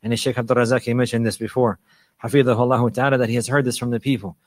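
A man's voice: mid-range voice, flat delivery, fast talker, dry recording. A man teaching a religious lecture, repeating phrases for emphasis and mixing in Arabic phrases. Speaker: Islamic preacher and teacher.

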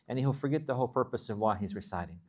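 A man gives a religious lesson at a brisk clip. He reads classical Arabic text rapidly and then explains it in English, repeating and rephrasing phrases as he goes. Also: mid-range voice, lively intonation, warm tone, husky. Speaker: Islamic teacher.

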